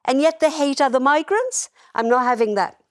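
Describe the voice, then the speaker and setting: A woman speaking as a studio guest in a radio debate, forceful and indignant. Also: sits high, lively intonation, normal speed, no echo. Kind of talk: panel debate.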